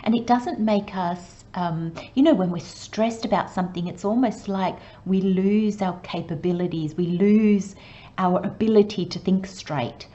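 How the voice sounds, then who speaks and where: A woman giving a channelled tarot reading, talking slowly and gently and sometimes dropping to a soft murmur. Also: medium pitch, lo-fi sound. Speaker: tarot reader.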